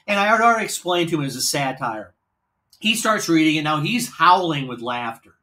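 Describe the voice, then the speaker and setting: Animated, bright-voiced male storyteller. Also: fairly high pitch, fairly quick. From American Midwest. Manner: animated, profane, acts out dialogue. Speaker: podcast host. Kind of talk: casual storytelling.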